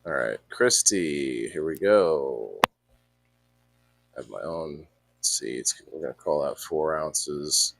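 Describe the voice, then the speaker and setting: Deep, slow laid-back male host. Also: expressive, gravelly, no room sound, soft background music. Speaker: livestream host. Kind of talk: casual chat.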